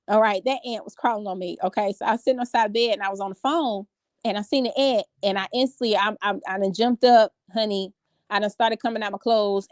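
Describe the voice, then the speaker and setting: Woman vlogger in her 30s, higher voice, dry close sound, chatty storyteller. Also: no echo. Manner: animated storytelling with many fillers. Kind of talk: casual chat to a live audience. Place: home bedroom.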